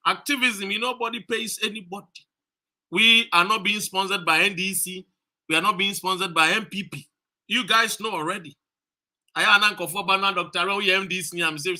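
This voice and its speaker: A Ghanaian man livestreaming from a street demonstration, rousing viewers with repeated calls and shout-outs. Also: high-pitched, a little fast. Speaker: activist streaming a demonstration. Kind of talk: live-streamed rally talk.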